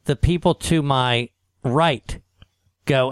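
A man co-hosting a radio show, telling a funny story in an animated way and laughing as he talks. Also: medium pitch, normal speed, dry recording. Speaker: radio co-host. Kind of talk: casual radio chat.

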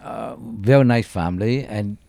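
A man, a guest chef whose first language is not English, talking in a casual podcast chat, blunt and profane, telling stories with lively broken English. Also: fairly low pitch, normal speed, vocal fry, dry recording. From Canada-based chef.

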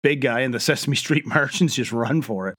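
A man's voice: mid-range voice, fairly quick, fairly bright tone, breathy edge. A man co-hosting a podcast, summarizing a movie's plot in casual chat and laughing often. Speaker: podcast co-host.

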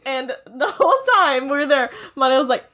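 A woman's voice: high-pitched, fairly quick, sharp tone. A young woman in casual chat, laughing and swearing as she retells a wild night.

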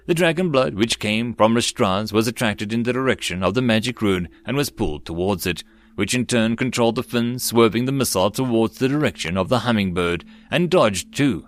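A man narrating a web-novel audiobook in a steady storytelling manner. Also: on the low side, brisk. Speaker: audiobook reader.

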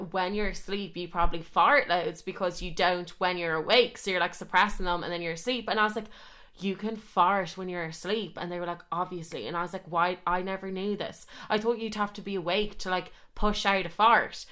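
A young woman tells a story on her own podcast, with a bright, forward tone in a middle register. Her talk is loose and chatty, full of fillers, and she swears freely as she goes. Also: medium pitch, steady tone, moderate pace. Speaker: podcast host. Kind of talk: casual storytelling monologue.

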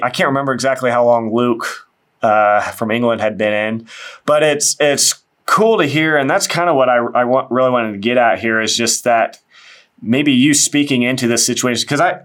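A man's voice: mid-range voice, moderate pace, a bit bright. A man hosting an interview, talking earnestly and encouragingly about faith, with many restarts. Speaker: interviewer, show host. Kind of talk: casual faith conversation.

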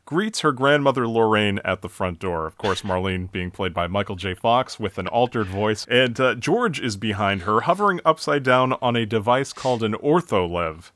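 A man from the United States co-hosting a casual chat, relaxed as he recaps scenes and asks questions. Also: lowish voice, normal speed, few pauses, dry recording. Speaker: podcast co-host. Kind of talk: casual chat and film commentary.

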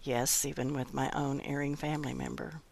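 A woman hosting a Bible podcast, reading scripture and giving devotional teaching in a measured, earnest way. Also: extremely low pitch, flat delivery, vocal fry, darkish tone. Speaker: host.

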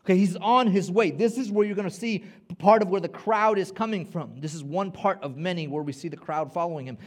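A man's voice: high voice, fairly quick. A man preaching a sermon as pastor, emphatic, repeating words and rallying his listeners.

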